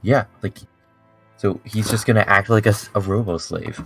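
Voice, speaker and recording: Low-voiced young man playing tabletop games. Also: fairly even intonation, normal speed, fairly bright tone, soft background music. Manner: laughs often, playful. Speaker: player. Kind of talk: casual tabletop game chat.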